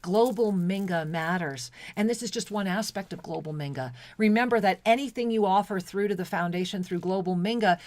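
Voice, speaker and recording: A woman co-hosting spiritual talk radio, her voice pitched in a middling range. She speaks in an effusive, devotional way and restarts her sentences often. The sound is dry and close, with no room echo. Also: brisk, few pauses, a little mellow. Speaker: co-host. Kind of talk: spiritual talk radio, reading chat messages.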